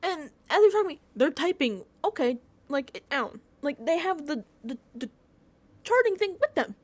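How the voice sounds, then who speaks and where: Animated ranting woman, laughing often. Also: high voice, moderate pace, dry recording. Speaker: podcast host reviewing a TV episode. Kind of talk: casual rant.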